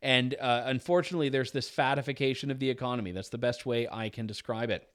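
A man's voice: medium pitch, fast talker, fairly bright tone. A man guest-hosting a talk show, reading out listener letters and reacting with opinionated commentary in a conversational way, with fillers and restarts. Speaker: guest radio show host.

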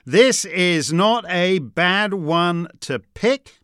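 A male host delivering an opinionated commentary, his voice a bit high for a man and very smooth and clear. He rambles through stumbling restarts and breaks into heated outbursts. The sound is close and dry. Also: expressive, drawn-out words, fairly bright tone, no echo.

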